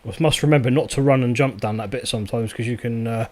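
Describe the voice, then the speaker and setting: Male streamer, mid-pitched, casual and hesitant, chatting to a live audience while gaming. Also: fast. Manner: relaxed, hesitant, chatting to viewers. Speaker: game streamer.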